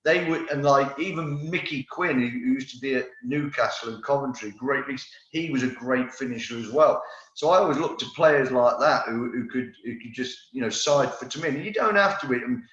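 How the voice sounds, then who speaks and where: A man's voice: medium pitch, brisk. A man in his fifties tells rambling stories of his playing days, often restarting mid-sentence. His voice sits in a middle register. The recording is roomy and a little dull. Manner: lively storyteller, rambling with restarts. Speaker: former footballer, podcast guest. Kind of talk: casual anecdote-telling interview.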